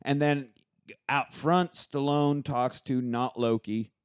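A man's voice: medium pitch, steady tone, takes it slowly, clear, resonant tone, no echo, clean studio sound. A man recapping scenes of a movie in casual chat, mockingly paraphrasing what the characters say.

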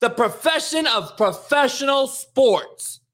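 Shrill, furious man ranting. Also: animated, takes it slowly. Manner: angry, yelling, heavy swearing. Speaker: host of a daily rant show. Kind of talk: profane sports rant.

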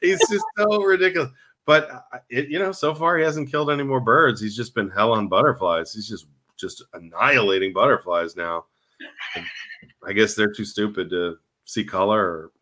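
A man in casual comedic chat, telling animated stories as a podcast co-host. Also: lowish voice, moderate pace. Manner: animated storytelling with laughs.

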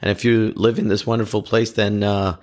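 Low-voiced man ranting loosely on camera, halting, restarting, self-mocking. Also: level tone. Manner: rambling, halting, frequent restarts, laughs at himself. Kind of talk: casual rambling monologue.

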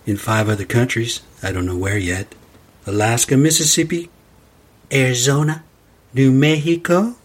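A man's voice: medium pitch, fairly even intonation, moderate pace, breathy edge. A man hosting a solo podcast and rambling into a profane, ranting monologue. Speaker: podcast host.

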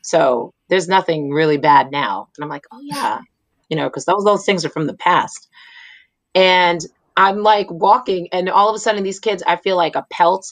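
A woman's voice: lowish voice, normal speed, no echo. A woman guest telling a personal story in a reflective, earnest way, with frequent fillers.

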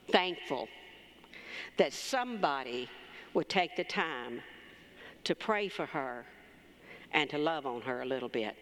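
A woman's voice: low-pitched, slight background noise. A woman, a pastor's wife, preaching in a church, telling a personal story in a conversational way and calling for amens. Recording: reverberant church hall.

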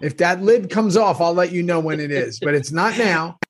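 A man hosting a casual rewatch podcast over a remote call, talking in animated, profane rants. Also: high-pitched, normal speed, slight background noise. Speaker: podcast host.

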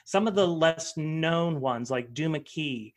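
A man's voice: fairly high pitch, slow. A male author and podcaster chatting casually in an interview, rambling with many fillers and restarts.

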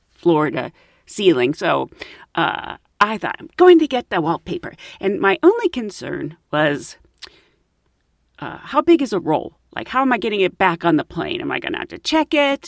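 A woman's voice: lowish voice, creaky, dry recording. Woman host rambling through a funny story, voice jumps all over, dry close sound. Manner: animated, self-deprecating, laughs often. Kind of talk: casual storytelling.

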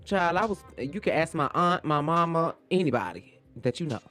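A man co-hosting a podcast, recapping a reality show in a sassy, animated, campy manner. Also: fairly high pitch, normal speed, soft background music. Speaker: podcast co-host. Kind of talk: casual reality TV recap chat.

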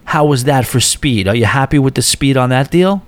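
A man's voice: mid-range voice, animated, moderate pace, dry recording, close to an everyday voice. A man voicing a snide, sarcastic female card dealer, quoted while telling a story. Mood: mocking.

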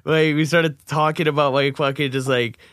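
Rambling, laughing male co-host, slightly high voice, dry recording. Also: flat delivery, normal speed, a bit bright, no echo. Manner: laughing, rambling, swears a lot. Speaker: podcast co-host. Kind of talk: casual storytelling banter.

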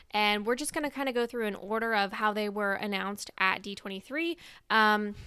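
A young woman hosting a podcast, bubbly and excitable as she chats. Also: medium pitch, clean tone, no echo, clean studio sound. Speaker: podcast host. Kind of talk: casual chat.

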